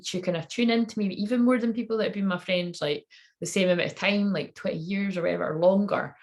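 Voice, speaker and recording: A woman's voice: low voice, vocal fry. A woman in her thirties, a tarot reader, telling a candid personal story in a rambling, swearing way.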